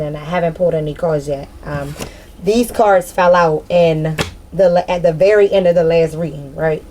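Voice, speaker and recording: A woman giving a casual spiritual card reading to her viewers, rambling, excitable and full of slang, breaking into loud laughter. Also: lowish voice, a little hiss or hum, rough recording. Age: adult with a daughter. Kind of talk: casual tarot-style collective reading.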